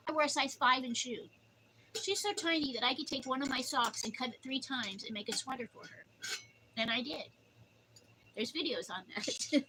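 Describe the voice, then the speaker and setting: A woman's voice: sits high, background noise. An older woman chatting casually on her livestream, rambling through stories and cooing at her dog. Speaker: livestream host.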